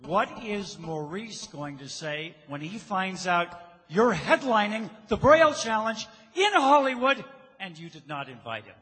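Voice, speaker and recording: A man's voice: high-pitched, sing-song, a little slow, fairly bright tone, breathy edge. A man who is a news reporter, presenting at a live event in a playful way. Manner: playful, announcer-like. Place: large live event hall. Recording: reverberant hall.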